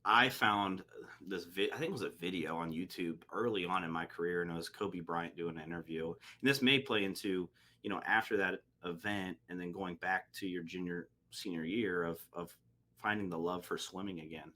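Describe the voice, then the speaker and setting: A man's voice: deep voice, normal speed, sharp tone. A man hosting a podcast, a real estate agent, telling an earnest motivational story in casual talk. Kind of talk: casual interview chat.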